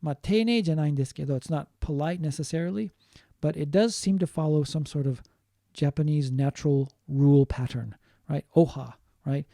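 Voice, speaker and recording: A man lecturing on linguistics in a mellow, fairly high voice, recorded dry and close. He explains patiently, repeating key points and slipping in short Japanese glosses. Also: a little fast, creaky, hardly any pauses, dry recording. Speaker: linguistics teacher. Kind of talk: online lecture.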